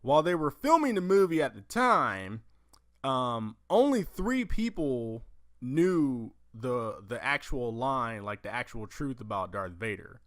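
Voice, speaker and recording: A man hosting a casual movie news podcast, profane and animated, acting out lines from films as he tells them. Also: medium pitch, dry recording, clean studio sound. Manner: profane, animated storytelling with acted-out quotes. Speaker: podcast host.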